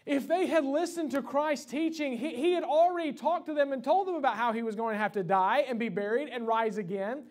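Young pastor with a high voice, passionate sermon delivery, restarts often. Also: male voice, a little fast, hardly any pauses, a little mellow. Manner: impassioned preaching with many restarts. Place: church sanctuary.

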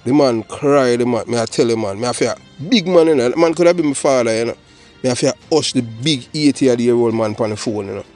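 A man's voice: medium pitch, fairly quick, a little mellow, soft background music. Jamaican man rambling in emphatic commentary. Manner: rambling, emphatic, mixes patois and English. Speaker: channel host. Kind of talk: solo commentary monologue.

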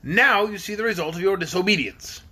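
A man's voice: high-pitched, animated, a little fast, sharp tone, husky, exaggerated voice. A man voicing a nervous gnome chamberlain in a storybook who stammers and grumbles. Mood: grumbling.

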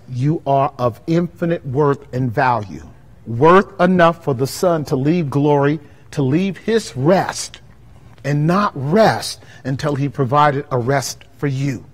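Impassioned high-voiced preacher man. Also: long reverb tail, poor audio. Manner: impassioned preaching with call-and-response questions; swings from loud bursts to low quiet passages. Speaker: pastor. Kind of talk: sermon at a Bible study. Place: church.

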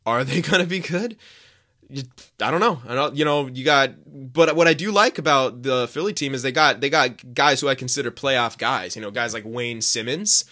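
A young man casually rambling through hockey playoff predictions, excitable, with many restarts and some swearing. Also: mid-range voice, normal speed. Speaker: hockey vlogger.

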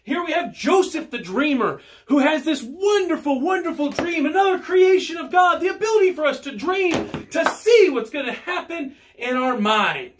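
A man doing hyped fast-talking pitchman. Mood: excited. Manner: loud, excited salesman patter. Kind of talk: kids church lesson role-play.

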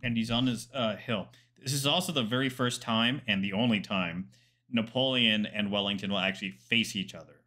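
A man's voice: on the low side, moderate pace, pushed and bright, faint music behind. A man, a military historian, commenting casually on a documentary, chatty and digressive with asides and fillers.

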